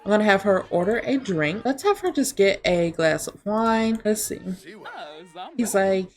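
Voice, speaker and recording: A woman's voice: medium pitch, expressive, moderate pace, darkish tone. A woman hosting a let's play, chatting casually to viewers as she narrates a life-simulation game. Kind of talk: casual gameplay commentary.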